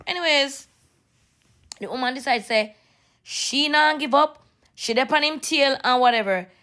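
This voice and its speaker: A young woman casually telling a story, animated and slipping into patois. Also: high-pitched, unhurried. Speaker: vlogger.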